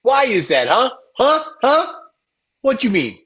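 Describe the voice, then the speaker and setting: A man voicing a pushy tough-guy New Yorker in a put-on New York accent, loud and needling, over dull video-call audio. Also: extremely high pitch, wildly swooping pitch, takes it slowly, exaggerated voice. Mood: badgering. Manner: loud, needling, repeats "huh?".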